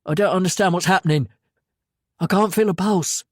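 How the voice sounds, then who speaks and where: A woman's voice: on the low side, normal speed, a little mellow, no room sound, clean studio sound, close to an everyday voice. A woman doing a male local reporter. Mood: urgent.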